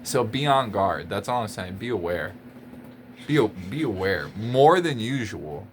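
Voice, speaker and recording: A man's voice: fairly low pitch, big pitch swings, unhurried, slight background noise. A man vlogging a casual rant to camera, exasperated and emphatic, often repeating his points and laughing between lines.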